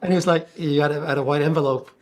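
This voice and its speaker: A man's voice: fairly high pitch, fairly even intonation, racing. A man hosting a podcast, recounting a personal story in a heartfelt, grateful way. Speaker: podcast host.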